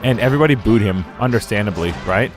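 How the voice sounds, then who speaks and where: A man's voice: on the low side, animated, fast, soft background music. A young man streaming a game, rambling casually, laughing often and slipping into silly quoted voices. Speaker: gaming streamer. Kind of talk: casual live-stream commentary.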